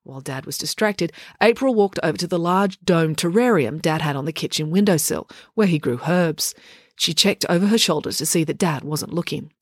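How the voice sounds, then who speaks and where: A woman narrating a children's story, with expressive, animated storytelling. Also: deep voice, normal speed, no echo, clean studio sound. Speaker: audiobook narrator. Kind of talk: storybook reading.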